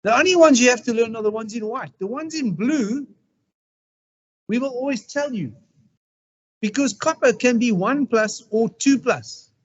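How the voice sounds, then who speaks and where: High-voiced chatty male science teacher. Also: lively intonation, moderate pace, slightly rough, muffled recording. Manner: chatty, tells anecdotes to the class. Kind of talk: classroom chemistry lesson. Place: classroom.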